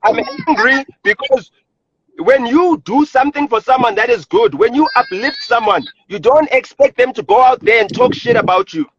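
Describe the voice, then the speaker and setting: A man's voice: very high voice, sing-song, normal speed, lo-fi sound, crowd noise. A South African man ranting angrily on a live stream, repeating himself and swearing. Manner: angry, repetitive, swearing. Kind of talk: heated rant on a live stream. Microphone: phone.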